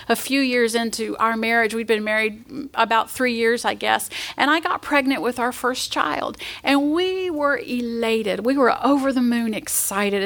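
A woman giving a sermon, earnest and emotional, at times dropping to a near whisper and tearful. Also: on the high side. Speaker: pastor's wife preaching.

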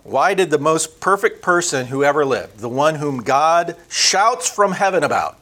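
A man teaching a conversational Bible lesson, emphatic, building up lists and slowing down on key words. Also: on the high side, very animated, a bit bright.

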